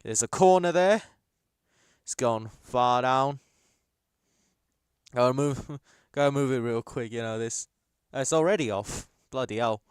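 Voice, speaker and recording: A man's voice: mid-range voice, a little slow, long pauses, smooth, no room sound, clean studio sound. A young man chatting casually while hosting a live football watchalong, rambling and reacting to the match. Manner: casual, rambling, bursts into excited shouts at chances. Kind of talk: live match commentary chat.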